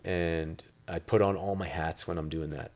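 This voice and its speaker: A man's voice: low voice, fairly even intonation, moderate pace, a little mellow. A man from Italy, an interview guest talking about real estate in a loose, rambling way, full of filler words. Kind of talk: casual interview talk.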